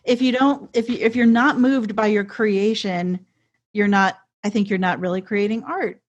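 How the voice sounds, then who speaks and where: A woman hosts a podcast interview in a medium-pitched, everyday voice. She is chatty and responsive and leans on filler words as she thinks aloud. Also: steady tone, normal speed, dull audio. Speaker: podcast host.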